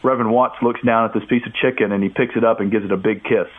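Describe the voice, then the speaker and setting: A man tells a story at a brisk clip as a guest on a radio talk show, lively and acting out what people said. His voice comes through a thin, tinny phone line. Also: lowish voice. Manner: animated storyteller, acts out quotes. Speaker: author and guest. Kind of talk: casual radio interview storytelling.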